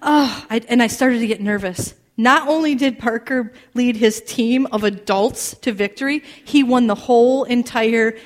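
A woman in her thirties preaching with an animated, storytelling delivery, laughing often and acting out quoted voices. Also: fairly high pitch, moderate pace, hardly any pauses. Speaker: speaker. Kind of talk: storytelling sermon.

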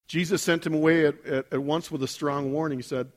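Guy pastor preaching in church, chatty, asks the crowd stuff, voice on the high side. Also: steady tone, brisk. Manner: conversational, asks the congregation questions, builds to intense emphasis. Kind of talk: sermon.

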